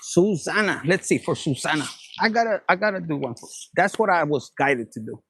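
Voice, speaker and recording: A man's voice: on the high side, expressive, a little fast, a bit bright, a little hiss or hum. A man giving a casual tarot reading, playful and profane, dropping Spanish phrases. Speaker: tarot reader.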